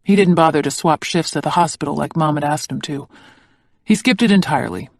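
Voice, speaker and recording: Reader playing a guarded, hurt young man; quiet, level, audiobook dialogue in a dead-dry room. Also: medium pitch, steady tone, quick pace, creaky, no room sound, lightly acted. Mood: subdued. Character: guarded adult man, bitter about his father.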